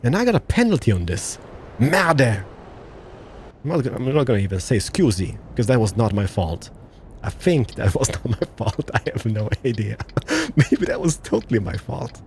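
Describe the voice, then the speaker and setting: A man's voice: medium pitch, darkish tone, a little hiss or hum. A man giving casual, joking, exclamatory commentary while playing a truck driving game. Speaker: let's-play gamer.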